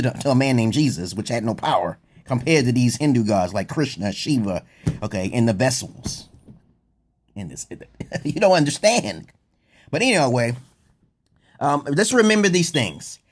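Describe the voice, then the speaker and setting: A man vlogging a rambling comedic monologue, swearing freely, drifting off topic and jumping suddenly into a high, excited voice. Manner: profane, digressive, often breaks into laughter.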